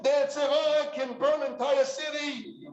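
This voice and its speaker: A man's voice: very high voice, level tone, normal speed, voice pushed up. A man voicing a stern, revered old rabbi who firmly forbids a student to leave, in an echoey room. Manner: firm, insistent commands. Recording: echoey room, dull sound.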